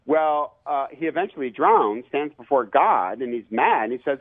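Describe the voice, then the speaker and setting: A man, an author and professor, telling lively stories with many fillers as a guest on a radio interview. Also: mid-range voice, normal speed. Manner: lively, animated storyteller with fillers. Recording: tinny phone line.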